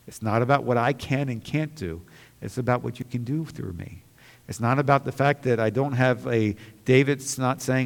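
A man's voice: medium pitch, normal speed, vocal fry. Earnest male preacher in a reverberant hall. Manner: earnest, rising to impassioned bursts. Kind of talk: sermon.

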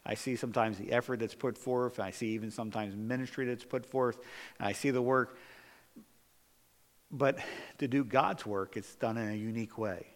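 A male pastor delivers a sermon, leaning on emphatic rises and drawn-out, stressed phrases. His medium-pitched voice carries a long reverb from a large church hall. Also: fairly even intonation. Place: church sanctuary.

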